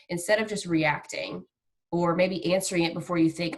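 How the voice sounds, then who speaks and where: A woman teaching a mindfulness lesson in a relaxed, conversational way, acting out everyday reactions as examples. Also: lowish voice, moderate pace. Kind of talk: recorded classroom lesson.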